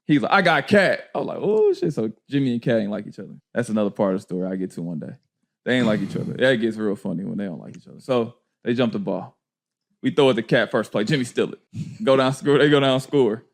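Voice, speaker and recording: A man casually telling a story on a podcast, slangy and animated, often laughing. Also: mid-range voice, fast, creaky. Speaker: podcast guest, former player.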